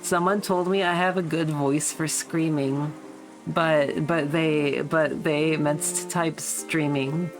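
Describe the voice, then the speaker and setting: A woman's voice: low voice, steady tone, slow pace, low-quality recording. Young woman streamer reading a visual novel. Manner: swearing, laughing asides. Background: background music and rain.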